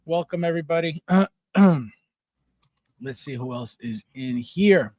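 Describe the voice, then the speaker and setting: A man with a slightly high, darkish voice hosts a relaxed livestream, talking slowly with no echo. Reading viewer comments aloud, he laughs often and repeats words for comic effect.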